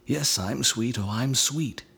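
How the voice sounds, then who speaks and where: A man's voice: medium pitch, big pitch swings, normal speed, slightly rough, voice pushed up, exaggerated voice. A man voicing a carefree, boastful boy giving breezy instructions in a storybook reading. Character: boastful, carefree boy who can fly.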